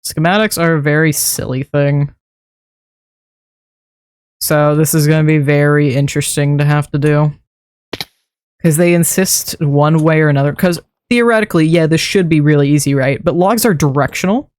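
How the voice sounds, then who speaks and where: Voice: medium pitch, fairly even intonation, moderate pace, a little mellow, no room sound, clean studio sound. A streamer giving casual gameplay commentary, rambling to themself and chuckling at their own mistakes while building. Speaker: streamer building a game base.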